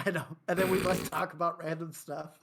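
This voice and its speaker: Chatty male podcast co-host, Chicago accent, fairly high voice. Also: level tone, fairly quick, gravelly, a crowd in the background. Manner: chatty, laughs often. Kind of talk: casual chat.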